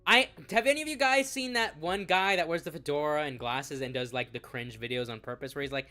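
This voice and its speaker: A man's voice: fairly high pitch, fairly quick, bright, forceful tone, faint music behind. A man doing commentary, reading messages aloud in a mocking tone and swearing freely. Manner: profane, sarcastic, laughing often. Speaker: commentary YouTuber.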